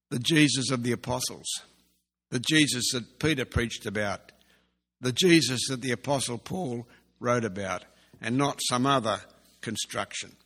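A man preaching a sermon in an earnest way, slowly repeating key phrases for emphasis. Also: mid-range voice, bright, forceful tone. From Australia. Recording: long hall reverb.

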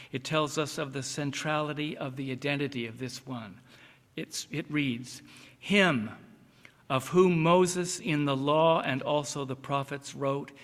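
A man preaching an expository sermon, reading scripture slowly and with deliberate emphasis. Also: medium pitch, gravelly, a bit bright. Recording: long reverb of a large hall.

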